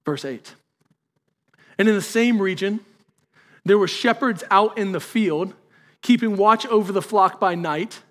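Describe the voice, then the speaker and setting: High-voiced pastor preaching with rising emphasis. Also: male voice, a little slow, long pauses, fairly bright tone. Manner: conversational preaching, building to emphatic peaks. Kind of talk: sermon.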